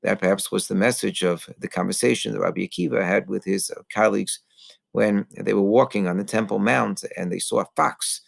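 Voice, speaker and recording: A rabbi delivers a heartfelt sermon in a strongly gravelly male voice, leaning on fillers as he thinks aloud. The recording is dry and close, with no room sound. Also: fairly low pitch, a little fast, dry recording. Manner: earnest teaching with frequent fillers and Hebrew terms. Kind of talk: Tisha B'Av sermon.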